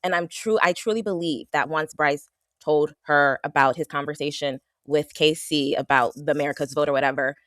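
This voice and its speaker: A woman co-hosting a casual reality TV recap, getting worked up and animated, her pitch jumping when she is indignant. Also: normal speed, no room sound, clean studio sound. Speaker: podcast co-host.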